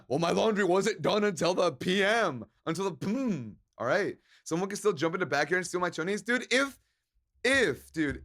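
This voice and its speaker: Tipsy male streamer, high-pitched, goofy and profane, reading chat and greeting viewers. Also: a bit bright. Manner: loose, joking, profane, slips into Spanish words. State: a little drunk. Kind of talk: casual drunk stream chat reading chat aloud.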